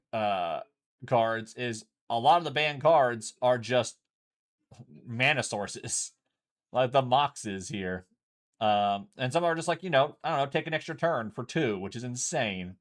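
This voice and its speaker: A man's voice: medium pitch, animated, measured pace. A man casually chatting and explaining a card game as he streams from home, loose and chatty, swearing freely. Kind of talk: casual chat while playing.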